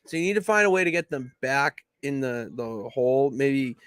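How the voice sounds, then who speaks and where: A young man co-hosting a casual wrestling podcast, emphatically pitching how storylines should go. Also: normal speed, clean tone, dry recording, clean studio sound. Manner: emphatic, animated booking pitches. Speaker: podcast co-host. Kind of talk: casual wrestling analysis chat.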